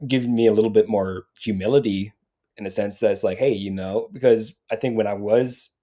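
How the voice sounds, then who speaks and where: Guy on a podcast as guest, kinda low warm voice, thinks out loud, repeats himself. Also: steady tone, brisk. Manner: reflective, repeats words as he thinks. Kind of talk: casual podcast chat.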